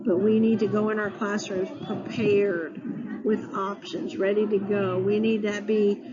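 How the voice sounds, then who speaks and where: A woman educator giving an instructional talk to teachers, deliberate and spelling words out letter by letter. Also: mid-range voice, level tone, crowd noise. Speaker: early childhood educator. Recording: dull lo-fi sound with clear background ambience.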